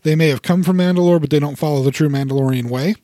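A man's voice: on the high side, quick pace, dark tone, dry recording, studio quality. A man co-hosting a casual podcast chat, explaining things at length with frequent restarts. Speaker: podcast co-host.

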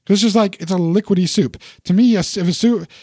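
A man's voice: high voice, quick pace, dark tone, slightly rough, dry recording, studio quality. A man chatting casually about food, rambling and self-deprecating. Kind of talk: casual chat.

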